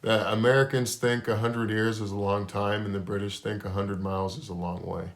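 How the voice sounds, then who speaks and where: A man co-hosting a podcast in casual chat, laid-back and drawn-out, swearing offhandedly. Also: lowish voice, level tone. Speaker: podcast co-host. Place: garage.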